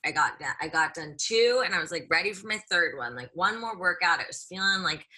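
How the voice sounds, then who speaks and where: A woman's voice: lowish voice, animated, brisk, sharp tone. A young woman co-hosting a podcast, chatting casually and telling stories with lots of "like". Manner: chatty storyteller, many "like"s. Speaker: podcast co-host, blogger. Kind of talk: casual chat.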